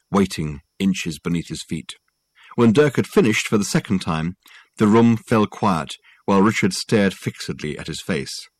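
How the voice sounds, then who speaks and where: A man narrating a novel with a wry, expressive touch. His low voice rises and falls in a lively way. The sound is close and dry, with no room around it. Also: no room sound. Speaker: audiobook narrator. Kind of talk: scripted narration.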